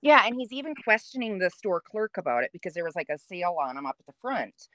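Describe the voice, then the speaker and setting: A woman's voice: on the low side, quick pace. Chatty woman telling a story. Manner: chatty, animated, laughs while telling. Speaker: podcast guest. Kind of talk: casual storytelling.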